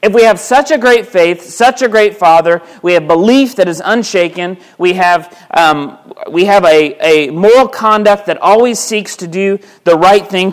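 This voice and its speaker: A man with a high voice preaches to his congregation in an easy, conversational way. He keeps asking rhetorical questions. He often repeats a word when he starts a phrase over. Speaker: pastor. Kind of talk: sermon. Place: church sanctuary.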